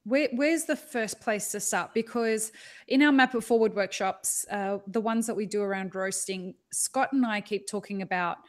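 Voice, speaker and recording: A woman with an Australian accent hosting a podcast interview, chatty and quick to joke. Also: medium pitch. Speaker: podcast host. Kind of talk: casual interview chat.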